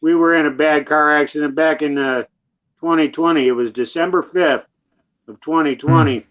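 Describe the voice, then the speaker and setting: A middle-aged married man telling a story on a casual podcast, measured and pausing often with "uh". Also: a little high, fairly even intonation. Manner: measured, many "uh" pauses. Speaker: podcast guest. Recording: dull lo-fi sound.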